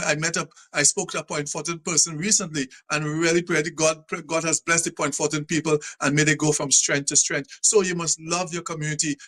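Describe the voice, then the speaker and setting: On a live talk show, a Trinidadian host from Trinidad and Tobago uses a fairly bright voice that sits on the high side. His manner is preachy and repetitive as he works to rouse his audience into loving their country.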